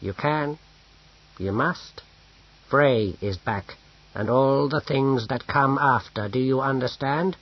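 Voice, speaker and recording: A man voicing a learned old man in a storybook reading, urgent and lecturing in a husky voice. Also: medium pitch, takes it slowly, muffled recording. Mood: grave.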